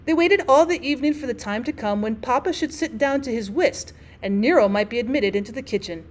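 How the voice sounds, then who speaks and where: A woman teacher reading a classic short story aloud, expressive, with an occasional stray filler word. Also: on the high side, brisk, hardly any pauses. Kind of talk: audiobook narration of a classic story.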